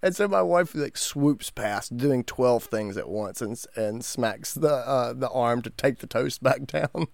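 A man's voice: mid-range voice, a little slow, gravelly, hardly any pauses, no room sound. A man in his forties, co-hosting a podcast, telling a family story with lots of laughter. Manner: animated storyteller, laughs often. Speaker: podcast co-host. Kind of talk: casual chat.

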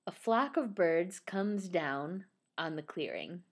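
A woman's voice: lowish voice, expressive, takes it slowly. A woman in casual chat who reads a ballet synopsis aloud, often laughing and stumbling over unfamiliar names. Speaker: podcast co-host.

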